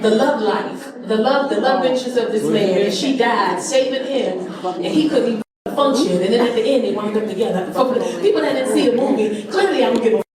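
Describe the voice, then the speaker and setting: A woman's voice: a little high, lively intonation, a little fast, over a noisy crowd. A woman in her forties doing a stand-up set, brash and profane as she tells stories. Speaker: stand-up comedian. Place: comedy club stage. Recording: echoey room, distant mic, audience. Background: audience laughter.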